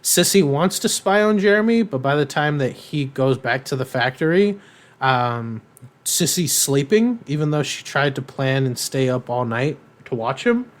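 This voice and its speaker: A man's voice: medium pitch, animated, moderate pace. Rambling man recapping a cartoon. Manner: rambling, filler-heavy, irreverent; acts out characters' lines in quotes. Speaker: podcast co-host. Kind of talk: casual episode recap.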